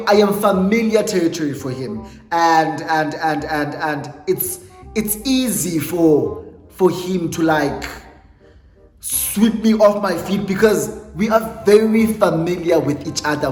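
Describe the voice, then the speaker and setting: A South African man on his YouTube channel, telling a storytime tale in an animated, dramatic way and mixing English with Xhosa phrases. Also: fairly high pitch, measured pace. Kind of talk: storytime vlog. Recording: echoey room with long reverb, faint music.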